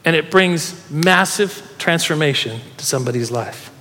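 High-voiced preacher in a reverberant hall. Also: male voice, normal speed. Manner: animated storytelling preacher, urging the congregation. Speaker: pastor. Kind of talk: sermon.

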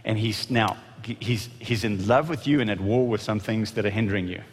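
A male pastor preaching a sermon, animated, often acting out quoted voices with restarts. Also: on the low side, a little fast, husky, big-room sound.

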